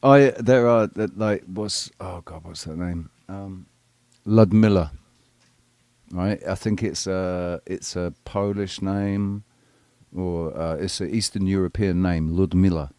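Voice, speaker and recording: Low-voiced male host, crude and rambling, dry mic. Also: slow, darkish tone, clean tone, no echo. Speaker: live show host. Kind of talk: casual live panel chat.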